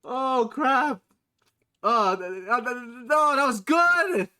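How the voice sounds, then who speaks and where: A man streaming a game live, reacting loudly and excitably with swearing. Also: extremely high pitch, slow. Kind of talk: live game playthrough commentary.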